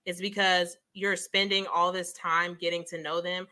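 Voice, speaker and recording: Bright-toned chatty woman host. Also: on the low side, little pitch movement, unhurried, hardly any pauses, smooth. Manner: chatty, giggly, frequent affirmations. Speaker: book club host. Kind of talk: casual interview chat.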